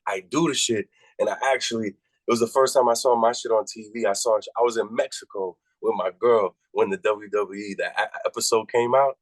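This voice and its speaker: A man from Massachusetts, a rapper guest, telling a story in casual, profane talk and jumping high in pitch when he quotes his own reactions. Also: fairly quick, dry recording, rough recording.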